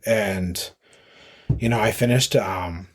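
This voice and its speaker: A man's voice: lowish voice, takes it slowly. A man, a podcast guest telling a long story casually, full of fillers and restarts. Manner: rambling with many fillers and restarts. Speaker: podcast guest, marathon runner.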